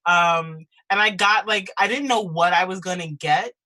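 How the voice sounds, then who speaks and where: A woman's voice: on the low side, normal speed, sharp tone. A young woman, a musician presenting her new single, chatting casually with lots of "like" and "um" on a video call from home. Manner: chatty, leans on "like" and "um". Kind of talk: casual chat in a virtual concert.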